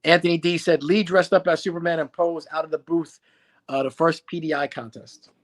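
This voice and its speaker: A man's voice: on the high side, little pitch movement, a little fast. A man co-hosting a live stream, reading viewer comments aloud and giving short agreeing replies. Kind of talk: casual live-stream chat.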